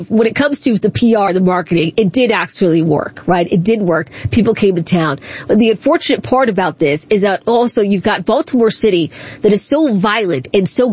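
A woman's voice: a little high, dry recording. A woman hosting a radio talk show, taking calls and giving her opinions in a conversational way. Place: radio studio.

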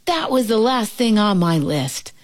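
A woman's voice: fairly low pitch, expressive, a little slow, breathy edge. A woman voicing a fussy, anxious male toad who lives by his lists, in a storybook read-aloud. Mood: glum. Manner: fretful, wailing when upset.

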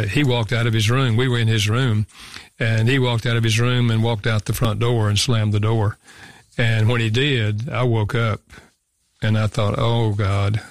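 An older man speaks as a guest in an interview, earnest and reflective, circling back over his words as he tells a story. His voice is gravelly with a touch of fry. The sound is dry, with no room around it. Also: lowish voice, dry recording. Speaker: guest author.

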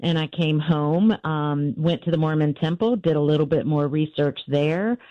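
A woman's voice: sits low, normal speed, dark tone, no echo, highs cut off. A woman author telling her family's story in an interview, earnest and full of fillers and restarts.

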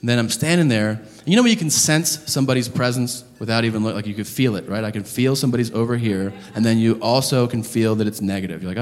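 A man's voice: mid-range voice, fast, few pauses. A man doing stand-up, telling stories in a brash, profane and incredulous way. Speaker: stand-up comedian. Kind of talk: stand-up storytelling. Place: comedy club stage. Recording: reverberant live club with audience.

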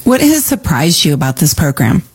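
A woman's voice: low voice, sing-song, normal speed, a little mellow, soft background music. A woman hosting an interview, curious and conversational, often checking her wording and restating the guest's points. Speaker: interview host.

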